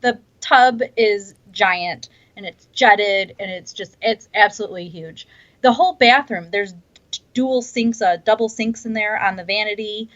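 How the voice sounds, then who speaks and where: A woman's voice: mid-range voice, unhurried, fairly bright tone. A woman chatting casually on a podcast, enthusiastic and restarting her sentences often. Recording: dull lo-fi sound.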